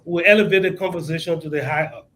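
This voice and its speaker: A man's voice: fairly high pitch, quick pace, a bit bright, slight background noise, low-quality recording. A man with a Liberian accent speaking as a guest on a talk show, passionate and emphatic, often repeating words as he searches for them. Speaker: guest advocate. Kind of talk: impassioned talk-show interview.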